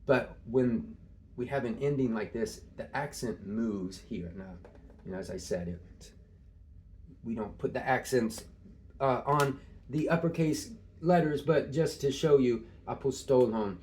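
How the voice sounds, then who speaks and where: A man's voice: mid-range voice, a little slow, darkish tone, slight background noise. A man teaching Greek in a casual, thinking-aloud way, with many fillers and small laughs. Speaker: Greek tutor. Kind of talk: informal screen-share lesson.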